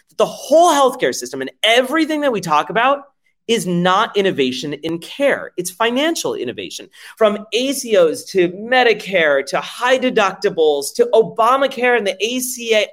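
Animated, swearing startup founder pitching. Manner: emphatic, profane, rhetorical questions; acts out quoted dialogue in the telling. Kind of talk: keynote-style pitch talk.

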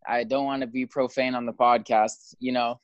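A man's voice: medium pitch, flat delivery, moderate pace, no room sound. A man guesting on a podcast, chatting casually with wry, self-deprecating humor. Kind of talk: casual chat. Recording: dull, dry lo-fi sound.

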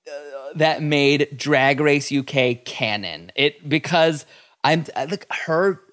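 A man's voice: fairly high pitch, slow, fairly bright tone. A man co-hosting a podcast, chatting in a playful, gossipy way. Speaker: podcast co-host. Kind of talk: casual chat.

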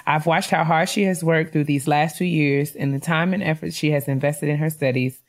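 A woman's voice: low voice, steady tone, brisk. A woman co-hosting a casual podcast, reading listener emails and congratulating graduates with easy laughter. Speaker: podcast co-host.

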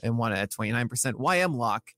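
A man co-hosting a casual podcast, rattling off pitching numbers in a loose, self-correcting way. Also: expressive, fast talker, sharp tone, no echo. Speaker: podcast co-host. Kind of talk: casual podcast chat about pitching stats.

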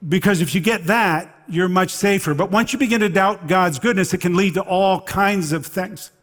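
A pastor preaching a sermon in a conversational, animated storytelling manner, with halting restarts. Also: male voice, high voice. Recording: long hall reverb.

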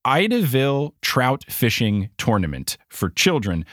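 Male podcast host, animated recap style with jokey asides, very lively delivery, dry booth sound. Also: mid-range voice, normal speed, dry recording. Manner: animated storyteller, joking asides. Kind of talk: casual book recap chat.

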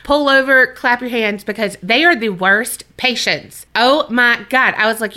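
A woman podcast co-host chatting casually, animated and full of fillers. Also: fairly high pitch, a little slow. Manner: animated, lots of fillers and impressions. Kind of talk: casual chat.

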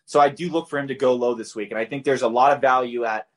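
Man, mid-pitched voice, casual podcast co-host, chatty, filler-heavy. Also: steady tone, fast. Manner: conversational, loose, filler-heavy, self-correcting. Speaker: podcast co-host, golf betting analyst. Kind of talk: casual betting picks talk.

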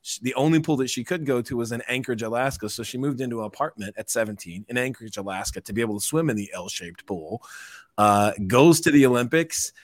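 A man hosting a podcast, chatting casually and joking as he steers from topic to topic. His voice sits at an ordinary pitch, and the sound is dry, close and free of any room echo. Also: fast. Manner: upbeat, joking, leads the topics. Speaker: podcast host. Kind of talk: casual chat.

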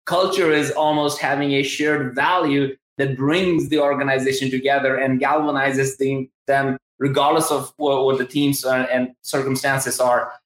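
A male livestream host with a Southern US accent speaks in a somewhat high, slightly bright voice during a live-streamed interview. He's upbeat and enthusiastic, rambling along with plenty of restarts. The webcam audio picks up a roomy space.

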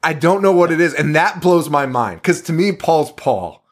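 A man's voice: fairly high pitch, expressive, normal speed. A man co-hosting a horror podcast in casual chat, rambling, with many fillers and casual swearing. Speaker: podcast co-host.

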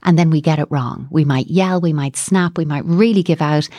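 A woman speaks as a psychotherapist guest on a podcast, calm and explanatory. Her voice sits low. The sound is dry and close, with no room echo. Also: moderate pace. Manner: calm, explanatory, acts out example dialogue. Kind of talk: podcast interview, explaining advice.

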